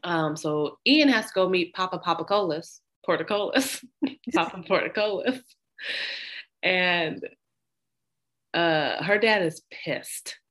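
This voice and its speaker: A woman's voice: on the low side, expressive, slow pace, pauses often, a bit bright. A woman co-hosting a podcast, recapping a movie in casual chat, blunt and laughing often as she acts out the characters' lines. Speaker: podcast co-host.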